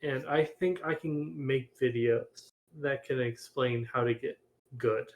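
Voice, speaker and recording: Man, game developer, voice chat, rambling, restarts, hiccups, middle pitch. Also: slow pace. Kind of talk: casual voice chat.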